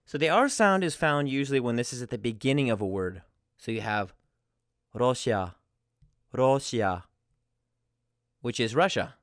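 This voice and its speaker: A man with a smooth, resonant voice teaches in a casual, friendly way. He explains step by step and gives examples as he goes. The sound is dry and close. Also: medium pitch, lively intonation, brisk, fairly bright tone, dry recording. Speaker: language teacher.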